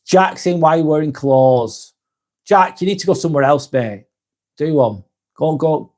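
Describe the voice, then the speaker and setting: A man's voice: a little high, a little slow, a little mellow. Chatty Northern English man streaming live. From north of England. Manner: joking, swears casually, reads comments aloud. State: tired. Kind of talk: casual live-stream chat reading viewer comments.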